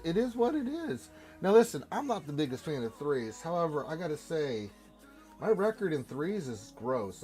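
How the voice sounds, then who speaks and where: A man hosting a gaming livestream, reading out viewer messages in a lively, jokey way, loud on greetings and quieter on asides. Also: mid-range voice. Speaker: livestream host.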